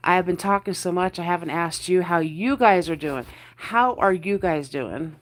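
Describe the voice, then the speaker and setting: A woman with a fairly low voice and a New Jersey accent talks at a moderate pace while hosting a casual livestream from bed under the covers. She chats with viewers, greets them by name, and repeats her words.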